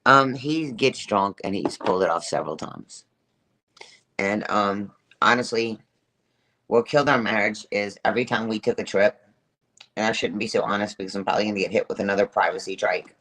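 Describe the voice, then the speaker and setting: A woman's voice: extremely low pitch, brisk, fairly bright tone. A middle-aged woman telling a personal story to her live chat, emphatic, repetitive and profane, laughing as she goes. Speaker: livestreamer.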